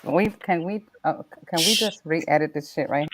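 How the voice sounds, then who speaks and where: Low-voiced woman chatting and teasing. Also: moderate pace, noisy background. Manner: chatty and teasing, with many "like" fillers. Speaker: podcast co-host. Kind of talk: casual chat.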